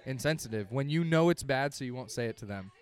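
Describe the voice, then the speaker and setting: A young man appears as a comedian guest on a casual podcast. He talks frankly and rambles, stopping and restarting his sentences as he goes. His voice sits at an ordinary middle pitch. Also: animated, fast talker. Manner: candid, rambling, hesitant restarts. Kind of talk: casual chat.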